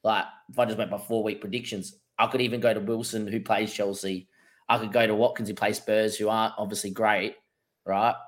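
A man's voice: lowish voice, little pitch movement, brisk. A man co-hosting a fantasy football show, working through his options aloud in casual chat. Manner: thinks aloud through options, with frequent fillers. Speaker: podcast co-host.

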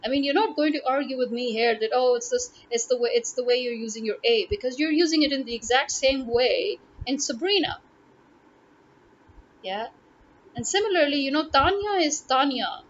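In dull lo-fi audio with faint noise, a woman vlogger from Pakistan offers a casual opinion monologue to camera in a Pakistani English accent, exasperated and throwing out rhetorical questions. Her voice sits high, with lively intonation at normal speed.

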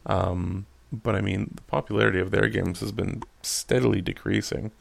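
A man's voice: fairly low pitch, level tone, normal speed, vocal fry. A young man co-hosting a podcast, rambling and making crude jokes with lots of fillers. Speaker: podcast co-host. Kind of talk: casual podcast chat.

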